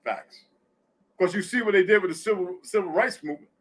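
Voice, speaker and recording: A middle-aged man with a high, bright voice hosts a casual live audio discussion. He talks bluntly and curses freely, telling stories in a plain, direct way. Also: brisk. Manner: blunt, profane storytelling. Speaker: host.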